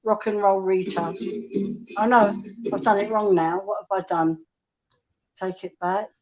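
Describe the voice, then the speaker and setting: A woman's voice: medium pitch, steady tone, measured pace, darkish tone. Chatty woman guest on a lo-fi live stream, storyteller who quotes others. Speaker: guest musician. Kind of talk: casual live-stream chat. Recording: dull lo-fi stream audio.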